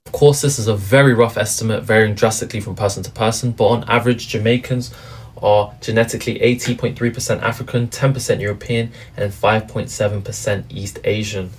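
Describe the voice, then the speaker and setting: A man's voice: lowish voice, steady tone, a little fast, a little hiss or hum. A man narrating a history explainer in a casual way, with frequent "but yeah" fillers. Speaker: commentary narrator.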